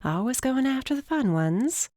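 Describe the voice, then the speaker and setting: A woman's voice: high-pitched, expressive, normal speed, warm tone, dry recording, pitched above the performer's own voice. A woman voicing a wry tough bounty hunter. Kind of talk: audiobook character voice.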